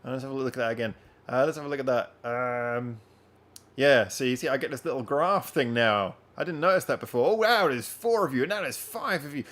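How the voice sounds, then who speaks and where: A man's voice: mid-range voice, fairly quick, a bit bright. Male streamer, rambly and casual, talks straight to chat, mid-range voice. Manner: rambling, chatty, addresses viewers directly. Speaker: live-stream host. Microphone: wearing headphones.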